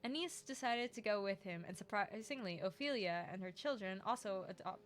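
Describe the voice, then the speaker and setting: A woman's voice: mid-range voice, brisk. Woman host reading a visual novel aloud. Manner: animated, laughs often, breaks into dry sarcasm. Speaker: let's play host.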